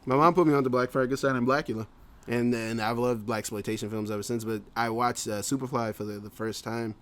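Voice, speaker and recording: In a casual podcast chat, a male co-host rambles, using many fillers and laughing often. His mid-range voice has fairly even intonation and moves a little fast.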